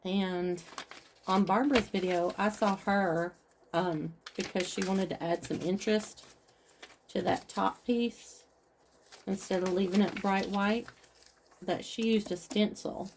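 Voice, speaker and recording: A woman's voice: mid-range voice, fairly even intonation, unhurried, slight background noise. A woman craft vlogger chatting casually with viewers as she talks through each step of her project. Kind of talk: casual craft tutorial chat.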